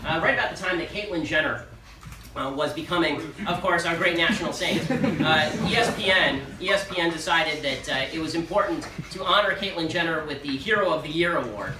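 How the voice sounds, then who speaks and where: A man giving a political speech at a university, telling sarcastic anecdotes in a rapid-fire manner before a live audience. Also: a little high, noisy background. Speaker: guest speaker at a university. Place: large lecture hall with a live audience. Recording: echoey hall, speaker far from mic, audience laughter.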